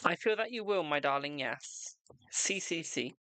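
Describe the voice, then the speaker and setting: A man's voice: fairly high pitch, expressive, a little slow, sharp tone, clear, resonant tone. A man hosting a live tarot reading stream, chatting casually with viewers and calling them darling and boo.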